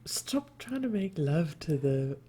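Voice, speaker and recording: A woman's voice: deep voice, big pitch swings, takes it slowly, warm tone, breathy edge. A woman who is a podcast guest, teasing the host in a dry way and laughing along in casual chat. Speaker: guest, host's wife.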